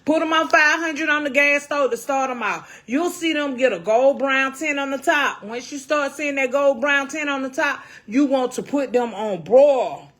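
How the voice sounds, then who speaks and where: A woman's voice: high voice, normal speed, few pauses, a bit bright. A middle-aged woman hosting a casual cooking livestream, folksy and salty, calling her viewers baby and honey.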